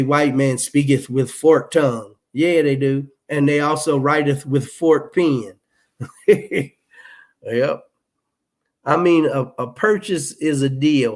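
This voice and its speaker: A man giving casual spoken commentary, rambling and emphatic, with many restarts, fillers and pointed rhetorical questions. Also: a little high. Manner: rhetorical questions, wry laughs. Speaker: live show commentator.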